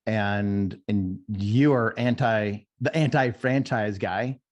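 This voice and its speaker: A man with a fairly low voice hosts a podcast interview. He asks his questions quickly and in a friendly way, steering the talk along. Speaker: podcast host.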